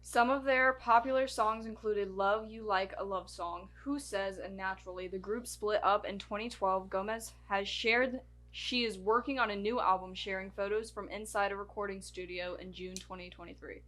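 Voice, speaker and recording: A woman's voice: medium pitch, steady tone, normal speed, fairly bright tone. Woman podcast host reading off her notes, trips on names, restarts a lot, normal mid voice. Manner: stumbles and restarts while reading names and dates. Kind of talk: casual chat, reading notes aloud.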